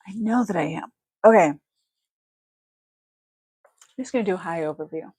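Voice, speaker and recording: A woman's voice: fairly low pitch, normal speed, breathy edge, no echo. Chatty woman hosting a livestream. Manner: chatty, effusive, thanks viewers warmly. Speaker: livestream jewelry seller. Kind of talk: casual live-stream chat.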